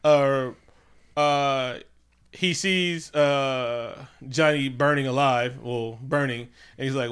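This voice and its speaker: A man's voice: mid-range voice, slow pace, fairly bright tone, clear, resonant tone. A man co-hosting a casual movie review chat, profane and joking, acting out scenes in silly voices. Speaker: podcast co-host.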